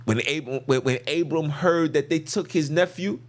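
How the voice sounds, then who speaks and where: A man's voice: on the high side, normal speed. Emphatic, slangy man preaching. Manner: emphatic, slangy, repeats phrases for stress. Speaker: podcast host. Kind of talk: preachy scripture commentary.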